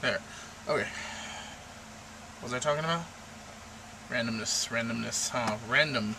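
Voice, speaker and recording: A man's voice: moderate pace, gravelly, pauses often. A young man rambling and joking in a casual vlog from his room at the computer, with random asides. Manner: random, jokey, rambling with sudden pitch jumps. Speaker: vlogger. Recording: noisy home recording.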